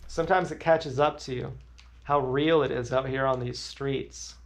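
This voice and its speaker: A man's voice: mid-range voice, fairly even intonation, moderate pace. A man livestreaming, telling crude, rambling stories in a blunt way.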